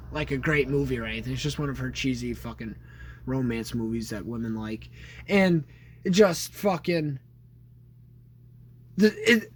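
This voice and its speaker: Young man, podcast co-host, slightly high voice, rambling, swears constantly, restarts his sentences. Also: a little hiss or hum. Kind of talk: casual chat.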